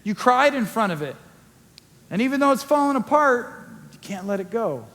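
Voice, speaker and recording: A male pastor preaching a sermon in a conversational way, acting out quick quoted asides. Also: extremely high pitch, big pitch swings, fairly bright tone. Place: church sanctuary. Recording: long church hall reverb.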